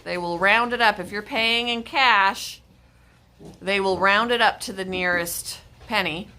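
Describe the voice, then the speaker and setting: A Michigan woman hosts a casual livestream chat from home with her dog, rambling and laughing often. Her medium-pitched voice is pushed and bright, and she talks a little slowly.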